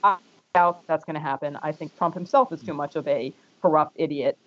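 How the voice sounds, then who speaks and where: A man's voice: on the high side, a little fast. A man from France, a panel guest making wry, argumentative points in a political discussion, with frequent hesitant restarts. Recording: dull lo-fi audio.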